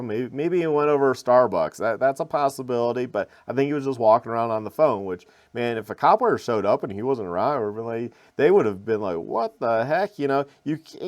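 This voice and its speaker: In a casual, rambling vlog, a man tells the camera about a road crash, repeating words, restarting sentences and tossing in wry asides. His voice is medium-pitched, and the highs are cut off.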